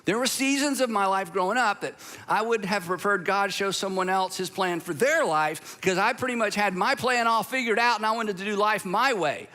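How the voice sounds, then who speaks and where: A man's voice: sits high, pushed and bright. A man from Georgia in the United States preaching a sermon as pastor, telling stories in a conversational way with humorous asides. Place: church auditorium.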